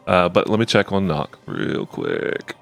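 A man's voice: deep voice, measured pace, creaky, faint music behind. A young man playing a tabletop role-playing game, joking and laughing between his character's moves. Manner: laughing, animated, jokey. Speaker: player.

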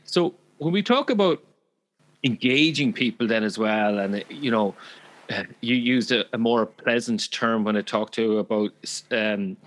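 A man's voice: mid-range voice, moderate pace, low-quality recording. A man hosting an interview, asking questions and agreeing with his guest, often restarting his sentences. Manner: affirming, talks in restarts and fillers. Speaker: podcast host. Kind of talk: conversational interview.

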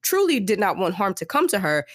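A woman co-hosting a podcast, telling the story in a lively, casual way full of "like" fillers. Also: mid-range voice, a little fast, no echo, studio quality. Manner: animated storytelling, many "like" fillers, acts out characters. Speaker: podcast co-host. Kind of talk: casual book-discussion chat.

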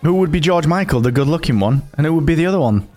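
A man's voice: on the high side, animated, fast talker, darkish tone, soft background music. A man co-hosting a casual podcast, playful and rambling, speaking into a new microphone. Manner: playful, rambling, banter-prone. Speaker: podcast co-host.

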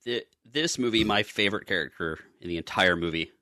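Deep, bright-voiced podcast co-host. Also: male voice, fairly quick, no room sound, clean studio sound. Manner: rambling, chuckling asides. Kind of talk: casual chat.

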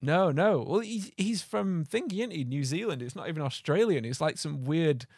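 A young man co-hosting a casual film podcast, rambling with lots of fillers and quick laughs. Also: fairly high pitch, expressive, darkish tone, slightly rough, no room sound, studio quality. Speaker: podcast co-host.

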